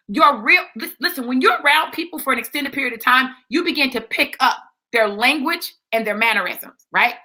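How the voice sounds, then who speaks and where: A woman's voice: sits high, pushed and bright. A woman preaching a sermon in a sassy, conversational way, repeating phrases for emphasis. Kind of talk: sermon teaching.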